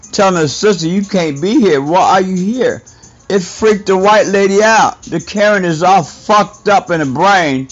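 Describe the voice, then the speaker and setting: A man delivering an indignant, profane rant as a podcast host, scolding his listeners. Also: a little high. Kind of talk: ranting monologue. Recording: dull lo-fi audio with faint music.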